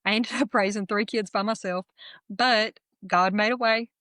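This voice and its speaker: A middle-aged woman, telling her testimony as an interview guest in earnest, halting storytelling with soft laughs. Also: medium pitch, steady tone, dry recording, clean studio sound. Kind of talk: emotional personal testimony.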